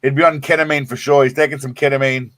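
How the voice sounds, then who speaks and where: A man's voice: medium pitch, little pitch movement, fast talker, fairly bright tone, no room sound. A man hosting a livestream who comments on clips with crude jokes and frequent laughs. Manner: crude joking, laughs often. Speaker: livestream host. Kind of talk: casual reaction commentary.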